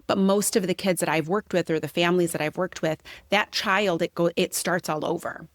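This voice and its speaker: A woman's voice: fairly low pitch, fairly even intonation, brisk, dry recording, clean studio sound. A young woman hosting a podcast, talking through her ideas in a thoughtful, reflective way. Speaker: podcast host. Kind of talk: conversational interview.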